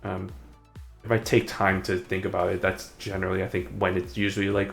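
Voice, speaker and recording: Rambling male streamer, low gravelly voice, faint music behind. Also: level tone, fairly quick. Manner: rambling, hesitant, self-correcting. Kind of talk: casual live-stream commentary.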